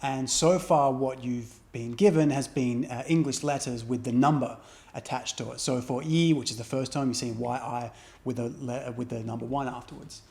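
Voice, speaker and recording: A man's voice: medium pitch, fairly even intonation, moderate pace, gravelly, a little mellow. A man teaching a beginner language lesson, explaining step by step and saying example sounds aloud. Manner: patient, demonstrates sounds aloud.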